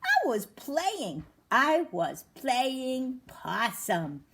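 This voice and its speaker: A woman voicing a chubby, playful male opossum in a children's storybook reading, dropping her voice lower and drawing words out. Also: huge pitch swings, very slow, a bit bright, breathy edge, full character voice.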